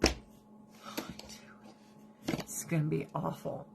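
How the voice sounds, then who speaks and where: A woman in her thirties chatting casually to her viewers, swearing freely and ranting with animated storytelling. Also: slow, whispered. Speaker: vlogger. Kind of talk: casual chat.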